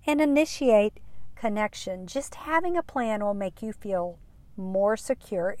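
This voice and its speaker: A middle-aged woman hosting a podcast, speaking gently and earnestly with soft, breathy trail-offs. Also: medium pitch, no room sound. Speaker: podcast host. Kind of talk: encouraging podcast talk with prayer.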